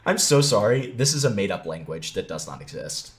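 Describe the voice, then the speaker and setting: A man's voice: on the low side, big pitch swings, a little fast. Profane sarcastic young man commenting. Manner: sarcastic, profane, often laughing. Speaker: commentary video host. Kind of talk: casual reaction commentary.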